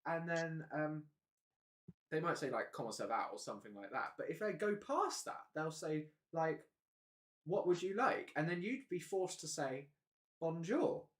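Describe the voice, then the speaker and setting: A male live-stream host who talks in a loose, rambling way, full of fillers and restarts. His voice sits a bit high and moves around a lot in pitch, lively and expressive. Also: a little slow. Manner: rambling, hesitant, laughs often. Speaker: livestream host. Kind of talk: casual live-stream chat.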